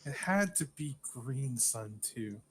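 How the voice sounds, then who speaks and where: A man's voice: medium pitch, lively intonation, slow. A man taking part as a player in a tabletop role-playing game, talking in a wry, joking way. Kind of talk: casual tabletop game play.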